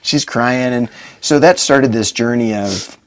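A man's voice: mid-range voice, measured pace. A middle-aged man, a podcast guest, earnestly telling his own story and acting out what he and others said. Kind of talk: personal story in a podcast interview.

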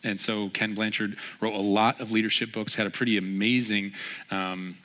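A man's voice: lowish voice, level tone, moderate pace, fairly bright tone. A man preaching a conversational sermon as a pastor, telling a story in a chatty way with frequent fillers.

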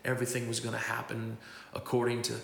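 A man preaching in a storytelling way, with a gravelly, creaky voice. He acts out what others said to him. His voice rings through a large hall with a long reverb. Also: mid-range voice, monotone, fast, fairly bright tone, a little hiss or hum. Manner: storytelling, acting out the voices he quotes. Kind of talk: testimony sermon. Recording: echoey hall.

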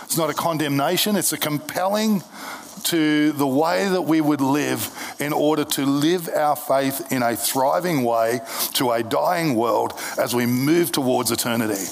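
Male pastor, casual sermon on a stage mic, slightly high voice, chatty and joking, trips over restarts. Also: a little slow, gravelly. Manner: conversational, jokey, with many restarts. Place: church service.

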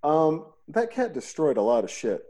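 A man's voice: fairly high pitch, sing-song, normal speed, mellow. A middle-aged man hosting a podcast in casual chat, rambling and joking, acting out quotes and swearing freely. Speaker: podcast host.

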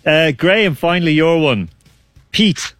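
A man's voice: on the high side, expressive, measured pace, fairly bright tone, dry recording, faint music behind. A man hosting a casual online quiz, chatty and laughing often. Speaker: quiz host.

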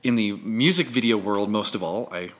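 A man hosting a casual chat, telling stories in an animated way and acting out quoted lines. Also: moderate pace. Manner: animated storyteller, acts out quotes with big pitch jumps. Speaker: host.

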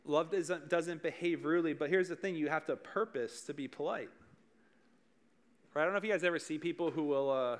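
A young man preaching to teenagers as their youth pastor, with a voice pitched a little high. He keeps it loose and conversational, cracking jokes and asking the room questions. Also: fairly quick. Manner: joking, conversational, addresses the room directly. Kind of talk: casual youth sermon.

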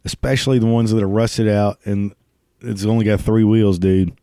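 A man with a low, mellow voice rants in a profane comedic monologue. He swears constantly and laughs at his own jokes. The sound is dry and close. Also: fairly even intonation, normal speed, clean tone, dry recording. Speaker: ranting commentator.

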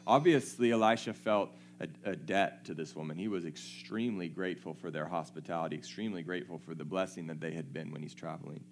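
A man's voice: low voice, fast, hardly any pauses, a little hiss or hum. A man preaching a sermon, reading scripture aloud and checking in with his listeners in a conversational way.

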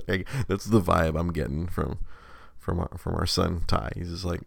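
A man in his thirties tells a long story on a live stream in a very deep, gravelly voice. He rambles, restarts his sentences, and laughs at himself. The sound is dry and close to the mic. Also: steady tone, moderate pace, no room sound. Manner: rambling, self-mocking, many restarts and laughs. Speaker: livestream host. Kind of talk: casual storytelling chat.

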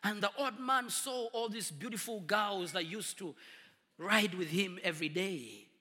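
A man preaching a storytelling sermon, dramatic and husky, swinging from booming to hushed. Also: a little slow. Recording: long reverb of a large hall.

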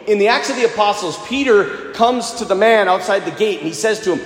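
A man preaching a sermon as a priest, his high voice swinging widely as he tells stories and acts out the people in them. He carries the long reverb of a large hall, echoing around him. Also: quick pace, hardly any pauses. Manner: animated storytelling, acting out quoted voices.

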